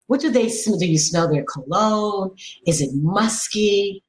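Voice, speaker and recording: A middle-aged woman speaking as a podcast guest and sex educator, frank and animated, coaching listeners with a string of rhetorical questions. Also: mid-range voice, unhurried, reverberant, a little hiss or hum, poor audio. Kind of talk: podcast conversation.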